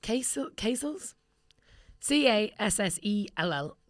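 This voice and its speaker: A woman's voice: medium pitch, expressive, takes it slowly, dry recording, studio quality. A woman in her twenties with an Irish accent, co-hosting a casual chat podcast, swearing and laughing as she talks. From Ireland. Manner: chatty, swears, laughs often. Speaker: podcast co-host.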